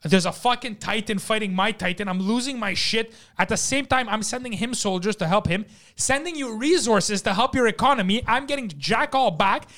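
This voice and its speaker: A man, a guest on a podcast, telling animated profane stories and laughing with the host. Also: high voice, normal speed, few pauses. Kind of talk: casual podcast chat.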